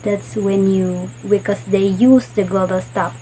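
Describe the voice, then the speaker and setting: A woman giving a classroom lecture on speech organs, explaining slowly and repeating example words. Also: medium pitch, flat delivery, warm tone, slight background noise, rough recording. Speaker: student teacher.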